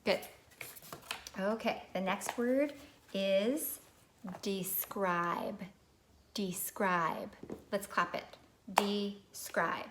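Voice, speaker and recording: A woman's voice: medium pitch, drawn-out words, pauses often, background noise. A woman teaching a recorded phonics lesson to young children, patient and prompting them to repeat words.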